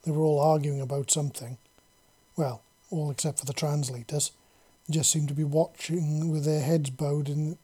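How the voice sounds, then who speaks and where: A man reading a story aloud in a steady, plain narrating manner. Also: a little high. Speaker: audiobook narrator.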